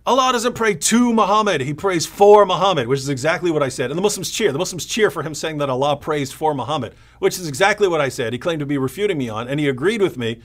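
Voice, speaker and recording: A man's voice: a little high, fast talker, hardly any pauses. A man co-hosting a casual live stream, telling stories with lots of energy and acting out other people's lines. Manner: animated storytelling, mimics opponents. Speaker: co-host.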